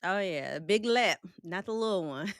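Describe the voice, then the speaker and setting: A woman's voice: lowish voice, animated, a little slow, fairly bright tone, dry recording, studio quality. A woman hosting a casual livestream, greeting and answering her chat in a playful, joking way with frequent laughs and slang. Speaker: livestream host reading chat.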